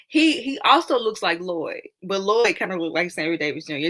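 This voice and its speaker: A woman's voice: mid-range voice, unhurried, long pauses, pushed and bright. A young woman hosting a casual live stream, chatting and reacting to viewer comments with frequent laughter.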